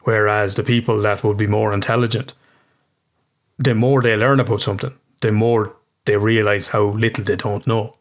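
A man's voice: on the low side, little pitch movement, normal speed. A man with an Irish accent, a therapist, explaining ideas casually in an interview, swearing freely and often restarting his sentences.

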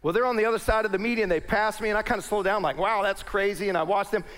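A man's voice: high-pitched, rapid-fire. A middle-aged pastor, telling a personal story to his congregation as part of a sermon. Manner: animated storyteller addressing a congregation.

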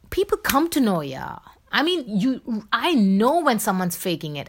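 A woman from India with a Bombay accent hosts her own podcast, speaking alone and at length. Her voice sits a little low for a woman. She talks insistently and with emphasis, leaning on "you know" again and again. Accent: Bombay Indian English. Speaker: podcast host. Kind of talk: solo podcast monologue.

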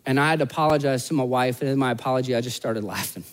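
A man's voice: medium pitch, rapid-fire. A man preaching a sermon as pastor, telling a personal story in a casual, self-deprecating, conversational way.

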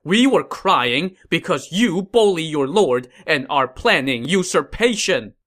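A man's voice: mid-range voice, normal speed, pushed and bright, natural voice. A man reading a blunt, defiant court official. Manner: blunt, stern.

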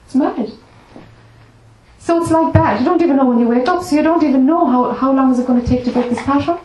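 A woman spiritual teacher telling a parable and explaining it to a group, animated and conversational, laughing often. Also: high voice, a little fast. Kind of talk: storytelling talk to a group. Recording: echoey room, faint noise.

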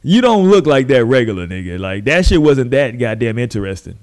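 A man hosting a podcast, telling stories in casual, profane, animated chat and mimicking the people he describes. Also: mid-range voice, a little fast. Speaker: podcast host.

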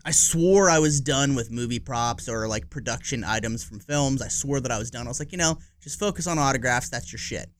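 A man's voice: mid-range voice, fairly quick, few pauses, no room sound. A man in his forties co-hosting a podcast, chatting casually in a rambling, profane way and laughing easily. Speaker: podcast co-host. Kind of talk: casual chat.

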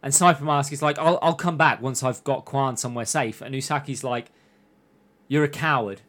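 A man talking at an average pitch and walking through a show's plot episode by episode. He slips into the characters' lines as he retells each scene. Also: steady tone, fairly quick, a bit bright. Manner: recaps plot in long runs, acting out lines. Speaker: podcast host recapping an anime. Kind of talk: casual chat.

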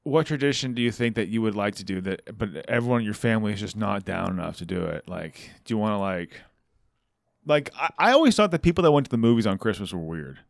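A man's voice: lowish voice, animated, quick pace, creaky, no echo. Male podcast co-host, loose joking banter, dry booth sound. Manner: joking, rambling with restarts and fillers. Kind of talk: casual banter.

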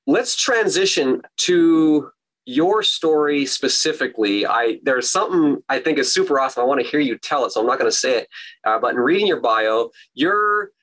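A man's voice: mid-range voice, lively intonation, moderate pace, a bit bright, rough recording. A middle-aged man hosts a conversational interview in a mid-range voice. He muses over a small everyday story, leaning on fillers as he gathers his thoughts, and then turns it over to his guest. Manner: reflective, storytelling with many fillers. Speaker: podcast host.

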